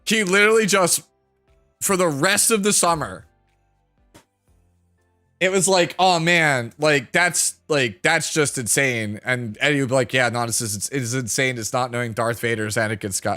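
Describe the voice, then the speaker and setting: Streaming to his chat, a man in his thirties talks casually at a normal speed and medium pitch, drifting from one aside to another with plenty of filler words. His voice is bright, he laughs often, and faint music sits underneath.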